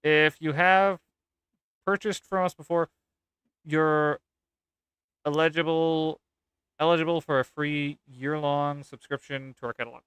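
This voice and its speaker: A man voicing a bored young female sales operator who speaks in a flat monotone. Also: fairly high pitch, measured pace, long pauses, clear, resonant tone, dry recording.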